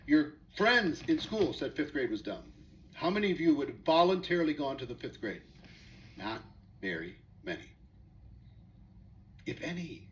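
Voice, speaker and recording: A man's voice: fairly high pitch, fairly bright tone, a little hiss or hum, poor audio. A man speaking as a network marketing presenter, telling a story with rhetorical questions to his audience in a motivational talk.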